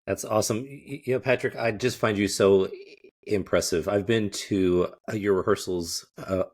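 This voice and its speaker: A man's voice: fairly low pitch, normal speed, a little mellow. A man hosting a podcast interview, asking questions with some hesitant fillers. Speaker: podcast host. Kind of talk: casual interview chat.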